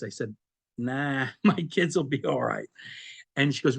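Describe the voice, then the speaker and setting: A middle-aged man speaks in an everyday mid-range voice, recounting his experience as an interview guest. He is animated and laughs easily. His words often stumble, restart and double back as he goes. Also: mid-range voice, unhurried. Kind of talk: conversational storytelling.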